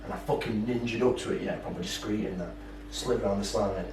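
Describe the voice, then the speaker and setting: A man's voice: fairly low pitch, fairly quick. A young man, co-hosting a podcast and telling stories in heavy slang and swearing. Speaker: podcast co-host. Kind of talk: casual chat. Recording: roomy, distant mic, faint background hum.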